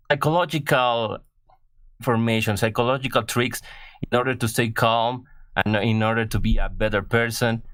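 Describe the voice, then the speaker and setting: A man from Mexico with a Mexican Spanish accent, calling in to a show and speaking slowly and haltingly as he searches for words. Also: mid-range voice, fairly bright tone. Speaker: caller. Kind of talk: casual call-in chat.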